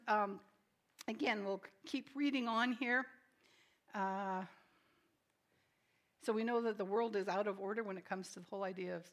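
A woman preaching a sermon in a mid-range voice. She talks to the congregation directly and keeps putting questions to them. Her firm declarations alternate with soft, self-deprecating asides. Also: medium pitch. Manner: swings from emphatic declarations to soft, quiet asides.

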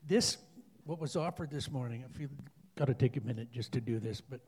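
Earnest man praying, warm husky voice. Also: medium pitch. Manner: earnest, halting, repeats himself. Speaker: prayer leader in church. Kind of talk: spoken prayer and exhortation.

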